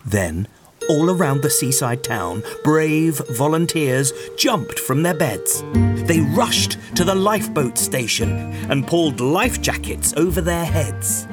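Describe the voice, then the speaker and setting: A man reading a children's bedtime story aloud in an expressive, sing-song way. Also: fairly high pitch, slow. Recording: soft music underneath.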